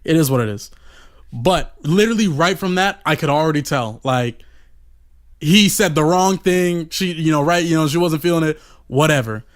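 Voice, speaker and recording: A man's voice: fairly high pitch, moderate pace. A man telling a rambling, profane story on a podcast in a casual way, full of "you know" fillers.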